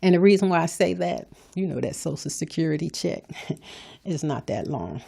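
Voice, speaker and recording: An older woman hosts a podcast with a fairly low voice. She talks in a folksy, preachy way, blunt and scolding but with humor. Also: very animated, normal speed, gravelly, mellow, husky. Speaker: podcast host. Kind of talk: preachy motivational talk.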